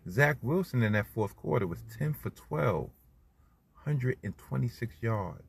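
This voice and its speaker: Middle-aged new guy ranting about football, husky, swings all over in pitch. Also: a little slow. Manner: animated, swears freely, swings loud. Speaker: podcast host. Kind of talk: solo sports commentary podcast.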